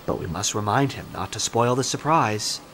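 A man voicing a calm engine driver who speaks soothingly. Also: lowish voice, moderate pace, slight background noise.

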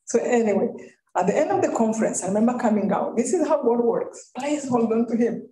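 A woman from Rwanda with a Rwandan accent, giving a faith-based storytelling talk as a guest speaker, lively and often laughing. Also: on the high side, a little fast. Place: college event hall. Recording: echoey room.

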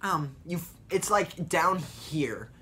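Speaking slowly but expressively, the young vlogger rambles through a casual chat about voice impressions, full of fillers as he explains. His voice is a little high, bright and forceful, with a touch of hiss or hum in the background.

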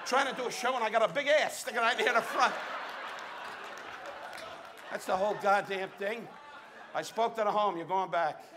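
A high-pitched man doing brash insult crowd work from a casino showroom stage. He barks abrasive jabs at the audience. The old live recording carries plenty of room noise. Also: moderate pace, long pauses. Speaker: stand-up comedian. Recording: archival live show recording with noisy room.

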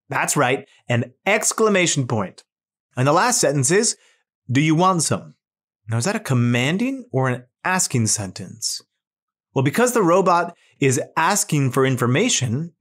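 In this children's lesson, a teacher's narration is slow and clear, with lively intonation that swoops up and down. The encouraging delivery aims to keep little ones engaged.

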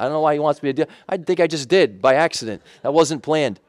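A man's voice: fairly high pitch, a little fast, hardly any pauses, darkish tone, no echo, studio quality. A man preaching a sermon in a conversational way, with emphatic repetition and frequent self-corrections. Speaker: pastor.

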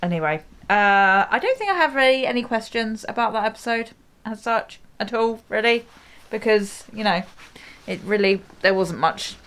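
A woman's voice: on the high side, expressive, moderate pace, fairly bright tone, smooth. A woman hosting a reaction video, chatting casually, full of exclamations and frequent laughter.

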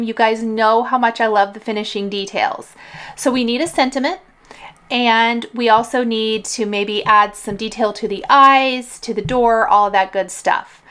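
A woman hosting a card-making tutorial, calmly explaining each coloring and gluing step in a relaxed, chatty way. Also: a little high. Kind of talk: craft tutorial voice-over.

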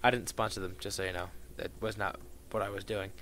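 Guy doing profane let's play commentary, sarcastic and excitable, average pitch. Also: fast, hardly any pauses. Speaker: gameplay commentator.

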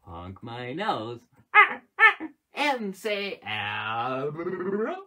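A man hosts a live children's show with a lively, bouncing voice that swings high and low. He talks unhurriedly with a husky edge, gasping and singing playfully for young viewers. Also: takes it slowly. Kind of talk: live children's show with magic tricks and songs.

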